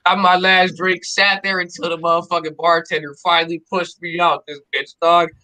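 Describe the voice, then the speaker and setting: Bright sharp-toned guy telling a rowdy club story, cussing and slangy, fairly high voice. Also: normal speed, low-quality recording. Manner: animated, profane, slangy. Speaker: stream host telling a story. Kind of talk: casual storytelling chat.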